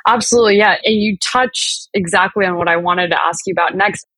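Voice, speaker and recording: Woman, interviewer, breathy, bright, affirming, dry sound. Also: mid-range voice, a little fast, no echo, poor audio. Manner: engaged, affirming listener. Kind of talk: interview questions and backchannel.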